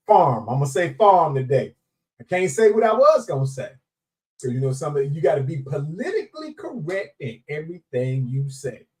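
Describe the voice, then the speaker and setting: A man hosting a live show, chatting casually and playfully with viewers, greeting them by name and laughing often. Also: a little high. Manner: animated, laughing, playful Southern Black vernacular. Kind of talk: casual live-stream chat. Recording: voice somewhat distant from mic.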